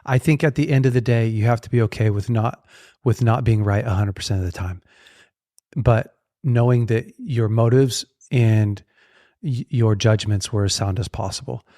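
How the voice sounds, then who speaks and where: A man's voice: mid-range voice, normal speed, dark tone, dry recording, clean studio sound. A man who hosts a podcast and preaches, talking in a reflective, candid way. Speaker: podcast host, pastor. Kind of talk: conversational podcast interview.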